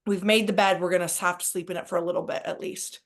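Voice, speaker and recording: A woman's voice: fairly low pitch, fast, gravelly. Woman podcast co-host, chatty and rambling, casual spiritual talk. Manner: rambling and excitable, heavy use of "like".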